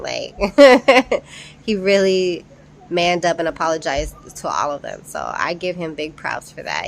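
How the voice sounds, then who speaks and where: A young woman casually recapping a reality show episode, chatty and incredulous, laughing often. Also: lowish voice.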